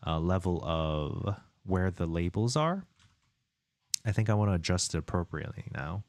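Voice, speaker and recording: A man's voice: deep voice, animated, normal speed, a little mellow, dry recording. A man streaming his indie game development, chatting casually, muttering to himself and reading viewer chat aloud while he works.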